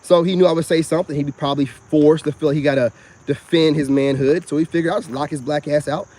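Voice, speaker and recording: Crickets chirp as the spiritual vlogger talks fast to his camera outside, winding through a long story about his life. Casual and lively, with a voice a bit high for a man, he leans heavily on "you know what I'm saying."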